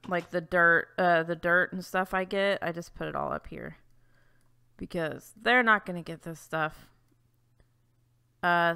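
A woman's voice: fairly low pitch, pushed and bright, smooth. Chatty woman narrating her gameplay. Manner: chatty, flustered, frequent restarts and exclamations. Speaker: let's-play host. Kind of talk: casual gameplay commentary.

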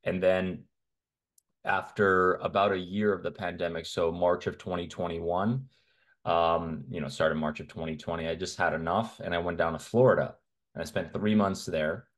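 A man's voice: deep voice, steady tone, moderate pace. A man from Canada, a men's health coach, talking as a guest in a casual interview in a blunt, opinionated way. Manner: blunt, opinionated, talks in long runs.

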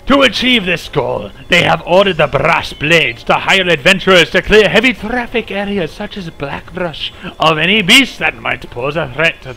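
A man putting on a pirate voice to read a game quest aloud, with a short growl before slipping back toward his own bright voice. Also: on the high side, full character voice, low-quality recording. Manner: gruff growl attempt, then plain reading. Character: male pirate reading a quest text.

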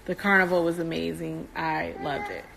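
A woman's voice: deep voice, normal speed, gravelly, a bit bright, a little hiss or hum. A woman chatting on a livestream from home while soothing her teething baby, cooing and baby-talking between answers. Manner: playful, coos and baby-talks to her fussy infant. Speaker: mother doing a livestream. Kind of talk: casual livestream chat.

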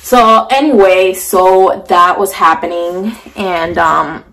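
A woman's voice: lowish voice, takes it slowly, a crowd in the background. Emotional young woman telling a storytime. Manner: shaky, emotional retelling with many fillers. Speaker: vlogger. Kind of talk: storytime vlog. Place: sitting on the floor at home. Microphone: camera mic.

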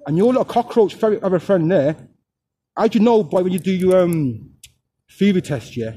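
A man's voice: sits high, expressive, normal speed, mellow, slightly rough. A man filming his own confrontational street vlog as a fathers' rights activist, firing off taunting questions. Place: outdoors on a street.

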